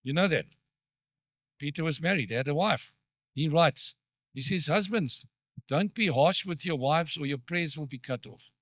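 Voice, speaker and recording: A man's voice: on the high side, expressive, normal speed, long pauses, a bit bright, no room sound. A man preaching a sermon in church, talking conversationally and asking the congregation questions. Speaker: pastor.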